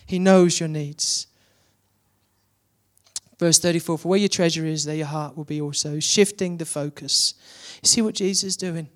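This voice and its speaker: A man's voice: on the high side, steady tone, moderate pace. A man preaching a sermon, building to emphatic repeated questions.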